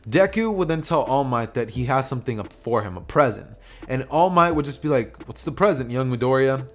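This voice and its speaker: A man's voice: mid-range voice, animated, a little fast. A young man casually narrating an anime what-if story, rambling with lots of fillers and restarts. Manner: rambling, filler-heavy retelling.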